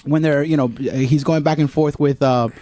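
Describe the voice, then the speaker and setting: A man's voice: a little high, fairly even intonation, normal speed, mellow. A man in a casual podcast chat, telling a nostalgic story loosely with many fillers.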